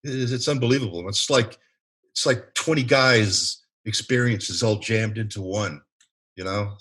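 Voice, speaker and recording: A man who is a veteran writer, a guest talking in an animated, emphatic way on a casual podcast. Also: lowish voice, moderate pace, husky.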